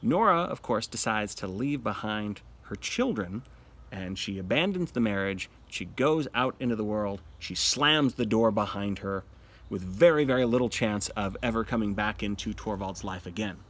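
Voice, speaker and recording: A man teaching a literature lesson in an animated manner, acting out quotes from the play. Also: fairly low pitch, normal speed.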